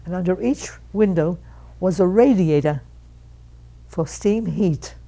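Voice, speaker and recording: Interviewee, woman aged 100. Lively storyteller who performs her family's lines. Low, husky, creaky, mellow tone. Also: slow pace, low-quality recording. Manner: animated storyteller who acts out quoted relatives. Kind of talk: reminiscing storytelling.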